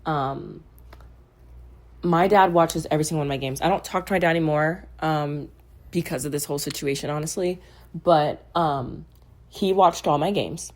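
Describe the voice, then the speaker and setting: A woman in her twenties casually telling a personal story, getting animated and loud as she retells being irritated. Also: normal speed. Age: 20s. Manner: animated, gets loud and high when retelling anger. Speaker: vlogger.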